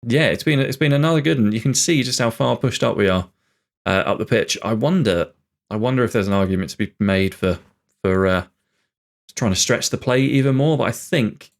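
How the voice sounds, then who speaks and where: A young man thinking aloud and commentating live on his own game, chatty and bursting into excitement at goals. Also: medium pitch, fairly quick, vocal fry. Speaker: gaming channel host.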